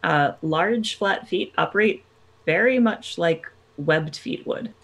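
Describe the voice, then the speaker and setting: Woman game master, low voice, relaxed tabletop narration, easy pauses. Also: vocal fry, low-quality recording. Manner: relaxed, with frequent ums and laughs.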